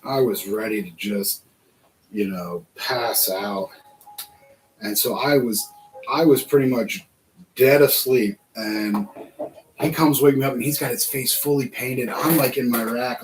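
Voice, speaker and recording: A man's voice: medium pitch, slight background noise, low-quality recording. A man hosting a casual build-along vlog, chatting to himself and laughing through his stories. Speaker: vlog host building a model kit.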